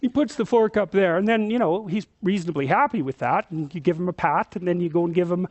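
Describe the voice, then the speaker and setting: A middle-aged man lecturing as a psychologist, telling stories in an animated, emphatic way and swearing casually. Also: sits high, fast talker, no echo, highs cut off. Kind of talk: storytelling lecture.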